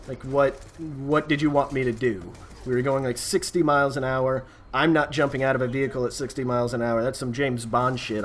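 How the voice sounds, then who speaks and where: A man's voice: mid-range voice, fairly bright tone, slight background noise. A man telling a story in a casual, rambling style, with lots of fillers and asides, as a gaming video host. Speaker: gaming YouTuber. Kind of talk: casual storytelling over gameplay.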